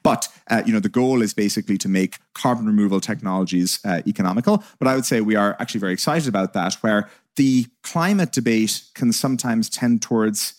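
A man's voice: on the low side, a little fast, hardly any pauses. A man, a tech company co-founder, answering interview questions in a fluent, conversational way with frequent "you know" fillers.

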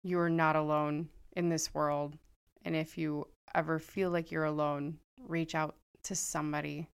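Woman cohost, smooth clear voice, bit low, emphatic and supportive. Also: little pitch movement, normal speed. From Connecticut, United States. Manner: supportive, emphatic, says "literally" often. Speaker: podcast co-host. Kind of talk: casual podcast chat.

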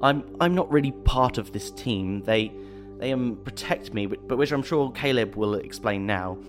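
A man's voice: mid-range voice, lively intonation, normal speed, music in the background, pitched above the performer's own voice, lightly acted. A man voicing a young, shy female dwarf scholar who stammers bashfully.

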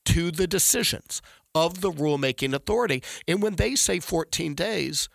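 Gravelly man, emphatic legal commentary. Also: a little high, normal speed, a bit bright, no room sound. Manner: discursive, frequent restarts, emphatic. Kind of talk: conversational legal analysis.

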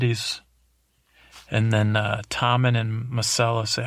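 A man's voice: medium pitch, little pitch movement, unhurried, no room sound, studio quality. A man hosting a sleep podcast, rambling and meandering through an episode recap with drowsy, self-deprecating asides. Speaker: podcast host.

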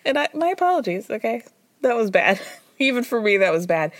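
A woman's voice: on the high side, big pitch swings, a little fast, no echo. A woman hosting a podcast, recapping reality TV in a chatty, gossipy, wry way, with frequent laughter. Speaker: podcast host. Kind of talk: casual reality-TV recap chat.

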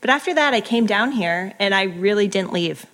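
A woman's voice: medium pitch, expressive, normal speed, fairly bright tone. A woman in her thirties talking candidly as a podcast guest, laughing now and then. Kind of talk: casual interview talk.

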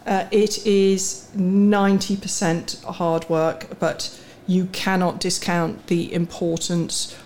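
A woman's voice: lowish voice, level tone, slow, few pauses, a little mellow, slight background noise. A middle-aged woman, the guest on a podcast, answering questions in a candid, self-deprecating way with frequent restarts. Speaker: guest, sports series CEO. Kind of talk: casual podcast interview.

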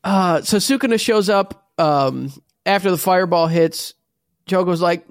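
A man's voice: sits high, moderate pace, gravelly, no echo, clean studio sound. A man hosting a podcast, retelling an anime episode in casual, profane chat and acting out the lines. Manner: profane, laughing retelling with acted quotes. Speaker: podcast host.

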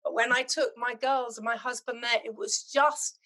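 A middle-aged woman from Zimbabwe, chatting as a podcast guest and telling animated, heartfelt stories. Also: fairly high pitch, moderate pace. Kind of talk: casual chat.

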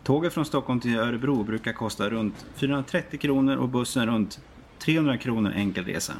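A man playing a brisk airport desk clerk. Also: medium pitch, slight background noise, close to an everyday voice. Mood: helpful. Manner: fast, matter-of-fact helpfulness. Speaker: airport information desk clerk in a practice dialogue. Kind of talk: scripted dialogue for learners.

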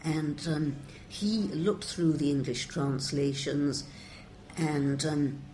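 A woman's voice: low-pitched, fairly even intonation, slow pace, warm tone, a little hiss or hum. An older woman, a translator, giving wry, discursive interview answers and quoting verse with relish.

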